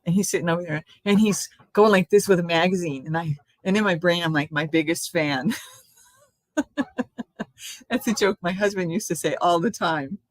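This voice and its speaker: A woman's voice: on the low side, moderate pace, dry recording. An older woman hosting a casual live stream, chatting in a rambling way from home and laughing often.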